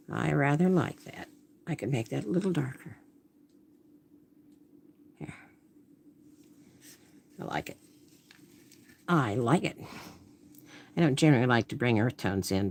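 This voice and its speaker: Woman artist, casual live-stream chat, thinks aloud and murmurs, lively swooping delivery. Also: extremely low pitch, vocal fry, breathy edge. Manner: thinks aloud while painting, trailing off into murmurs.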